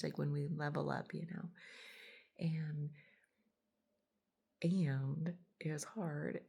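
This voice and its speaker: A woman in her late forties tells a casual, chatty story, laughing often and acting out what others said. Her voice is gravelly and warm, a little husky and pitched fairly low. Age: 40s. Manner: chatty, laughs often, acts out quoted lines. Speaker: body worker and podcast host.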